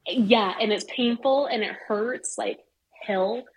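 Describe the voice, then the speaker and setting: A middle-aged woman tells a story in loose, casual conversation, her voice husky and set a little high. She is animated and swears freely, with lots of filler words. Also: takes it slowly, poor audio. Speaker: guest.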